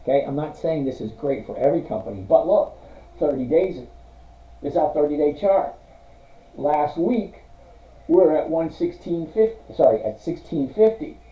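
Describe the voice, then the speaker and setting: A man's voice: on the high side, animated, normal speed. A middle-aged man hosting a casual livestream, chatting with viewers and reading out their comments. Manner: chatty, reads out viewer comments, apologetic refusals. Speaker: livestream host reviewing stocks. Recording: roomy, dull lo-fi stream audio.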